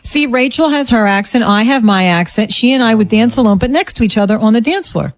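A woman's voice: on the high side, animated, brisk, no room sound. A woman co-hosting a radio talk show, teasing and playful in banter.

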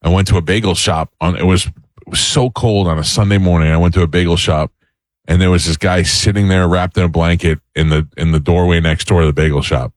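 A deep, low-pitched man hosts a radio talk show, talking fast and acting out quotes as he tells a story. His voice sits close to the mic with a dry studio sound. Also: steady tone, dry recording. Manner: quick, storytelling with acted quotes.

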